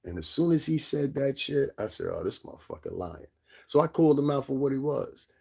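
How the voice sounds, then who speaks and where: A man from Connecticut telling a long, profane story as a lecture to his viewers, sometimes mimicking others in a high voice. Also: animated, a little fast, creaky, darkish tone. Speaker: vlogger. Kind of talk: angry storytelling rant.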